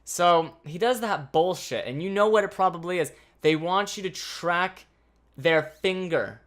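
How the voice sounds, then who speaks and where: Male vlogger, animated anxious storyteller with crude language, bright tone. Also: high-pitched, a little slow. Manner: animated, swearing, anxious retelling. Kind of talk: casual storytime vlog.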